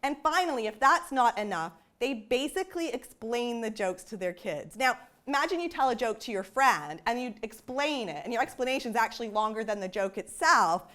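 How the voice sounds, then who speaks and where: A woman with a fairly high voice gives a public science talk about her research. She explains things conversationally and often drops in "you know" asides, like a researcher chatting with an audience. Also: expressive, normal speed, few pauses, fairly bright tone. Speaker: developmental psychologist giving a talk.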